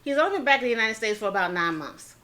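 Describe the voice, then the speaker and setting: Her voice is fairly high, animated and sharp as she tells a history story during a relaxed eating-show story time on her channel. The host is chatty, performs the quoted dialogue of the figures involved, and stops now and then to spell words out.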